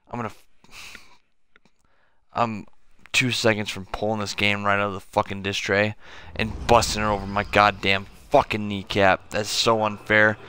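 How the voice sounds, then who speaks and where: Drunk young male gamer, foul-mouthed and fed up, low pitch, bright forceful tone. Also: level tone, normal speed, clear, resonant tone. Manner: swearing, frustrated, muttering to the game. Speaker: gamer streamer. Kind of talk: angry drunk gameplay commentary.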